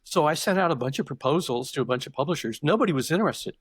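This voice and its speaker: Fast-talking and animated, this older man has a fairly high, slightly rough voice, captured in a dry recording. As a podcast guest he tells stories in conversation, reflective and digressive, often restarting his sentences.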